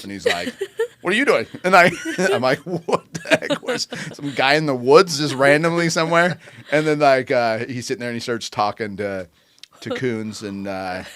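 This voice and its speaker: A man's voice: mid-range voice, dry recording. A man co-hosting a podcast in casual chat, telling stories animatedly and laughing mid-sentence. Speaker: podcast co-host.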